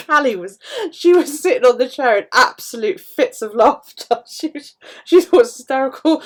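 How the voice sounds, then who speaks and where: A woman's voice: a little high, expressive, moderate pace. Brief: middle-aged woman, casual livestream chat, salty language, easygoing storyteller. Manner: chatty, swears freely, storytelling. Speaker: live streamer. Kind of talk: casual chat while journaling.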